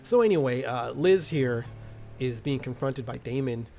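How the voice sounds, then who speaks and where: A man's voice: medium pitch, expressive, moderate pace, creaky, dark tone, faint music behind. A man casually recapping a TV episode in a slangy, crude, jokey way. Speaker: TV episode reviewer.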